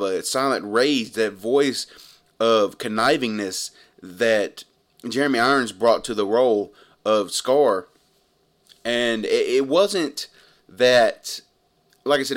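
A man's voice: medium pitch, a bit bright. Earnest man rambling through a movie review. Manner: earnest, rambling, repeats himself. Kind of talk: casual review vlog.

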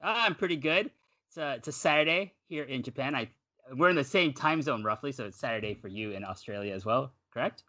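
A man's voice: mid-range voice, fairly quick. A Canadian man co-hosting a podcast, chatting casually and rambling off on tangents. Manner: rambling, animated, self-correcting. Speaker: podcast co-host.

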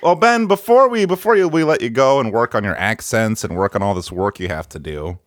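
A man's voice: medium pitch, expressive, no room sound, studio quality. A playful, joking male podcast host. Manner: playful, joking, quick to laugh. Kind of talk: casual comedic chat. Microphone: remote call.

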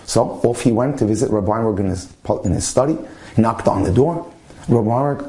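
Mellow-voiced male storyteller. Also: lowish voice, a little fast. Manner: animated storyteller acting out dialogue.

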